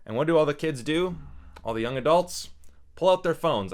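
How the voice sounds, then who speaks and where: A man's voice: on the high side, animated, moderate pace. A young man reviewing a film in a loose, unscripted way, blunt and opinionated, rambling through his points. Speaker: movie reviewer.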